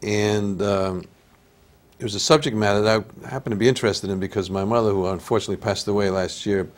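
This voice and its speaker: A man's voice: fairly low pitch, fairly even intonation, fast talker. An older man with an Italian-American accent and a nasal voice, telling stories as an actor guest in a casual interview. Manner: storytelling, easygoing.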